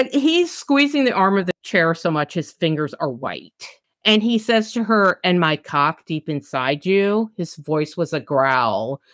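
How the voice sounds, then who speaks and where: A woman co-hosting a casual book podcast, reading her highlighted passages with lots of laughing. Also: dry recording, studio quality. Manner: animated, laughs often, reads highlighted passages. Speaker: podcast co-host.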